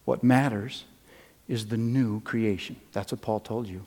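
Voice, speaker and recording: An older man preaching a sermon, animated in his stories and dropping low and quiet for serious points. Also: measured pace, big-room sound. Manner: animated storytelling, swings from loud and high to low and quiet. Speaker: pastor.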